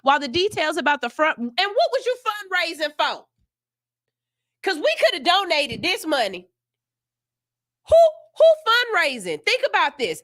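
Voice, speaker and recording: A woman's voice: very high voice, sharp tone, dry recording, clean studio sound. A woman hosting a morning radio show, ranting in outrage with profanity, then reading news stories aloud. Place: radio studio.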